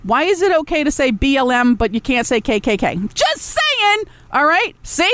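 Blunt, high-voiced woman ranting. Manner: blunt, profane, sarcastic ranting; talks back to a chat room. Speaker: podcast host. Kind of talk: ranting solo podcast talk.

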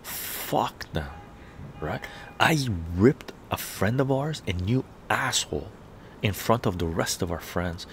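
A man's voice: fairly low pitch, lively intonation, slow pace, fairly bright tone, a little hiss or hum. A man telling a story in a heated, profane live-stream rant. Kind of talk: ranting live-stream monologue.

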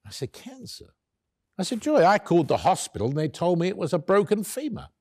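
An actor playing an elderly author, wry and tender. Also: male voice, mid-range voice, sing-song, measured pace, no room sound, clean studio sound. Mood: tender recollection. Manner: wry, tender, acts out both sides of the dialogue. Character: elderly male author recalling his late love. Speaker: actor in a one-man stage play. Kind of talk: theatrical first-person storytelling.

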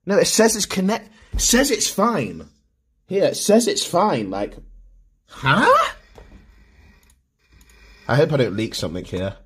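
A man's voice: a little high, very animated, normal speed, husky. A man livestreaming, ranting in exasperation about his internet, swearing constantly and repeating himself. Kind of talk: frustrated livestream rant.

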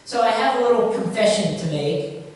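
A woman pastor giving a conversational sermon, lively and full of rhetorical questions. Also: a little high, normal speed, slight background noise. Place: church sanctuary. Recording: echoey church hall from far off.

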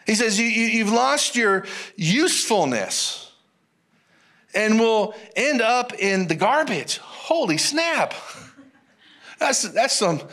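A male pastor preaching a sermon in an animated, folksy way, repeating phrases and calling out to the congregation. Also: high-pitched. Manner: animated, repetitive, folksy preaching with audience call-outs.

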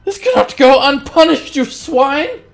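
A man voicing a vain, pompous male ship captain in a tabletop game, with a shrill, theatrical delivery. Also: very animated, a little slow, gravelly, faint music behind, full character voice. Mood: outraged.

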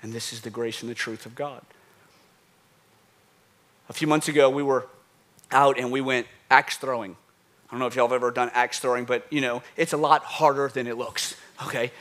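A man preaching a sermon as pastor, animated, telling stories and acting out asides and call-outs to the crowd. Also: mid-range voice, moderate pace, pauses often.

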